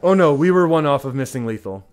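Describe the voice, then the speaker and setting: A man streaming a card game, chatting casually with his viewers and reacting with excitement to each play. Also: fairly high pitch, quick pace. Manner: chatty, reads chat aloud, excitable. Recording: faint music behind.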